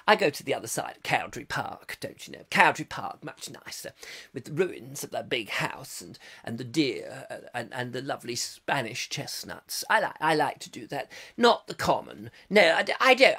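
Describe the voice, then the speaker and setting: A haughty, posh gentleman, as a comic host puts him on, sniffs at the lower orders in a low, hushed, disdainful drawl. His tone stays bright and lively as he swoops over the vowels. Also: gravelly, slightly rough, full character voice. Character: snobbish posh English gentleman.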